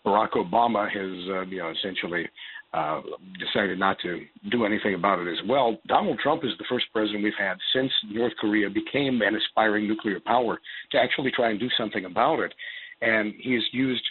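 Radio guest over phone line: man, congested, low-ish, measured with lots of pauses, tinny. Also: slight background noise. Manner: measured, many filler pauses. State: congested, partly lost voice. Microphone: telephone studio line.

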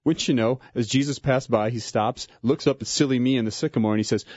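A man voicing a short, remorseful tax collector in a dramatic story reading, earnest and quick-spoken. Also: mid-range voice, a little mellow, dry recording, dull audio, lightly acted.

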